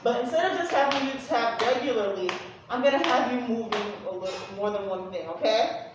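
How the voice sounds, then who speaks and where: A woman's voice: on the high side, fairly quick. A woman music teacher leading a class through a rhythm exercise, counting off beats and cheering the students on. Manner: counts off beats, upbeat and encouraging. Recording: echoey room from far off, noisy.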